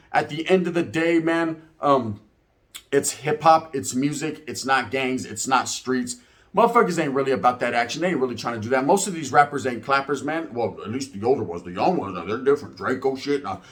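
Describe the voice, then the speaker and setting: Man, 40s, slightly high-pitched, streetwise, profane, storytelling reaction host. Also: a bit bright. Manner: profane, streetwise, keeps tagging "right?". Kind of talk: casual storytelling and commentary.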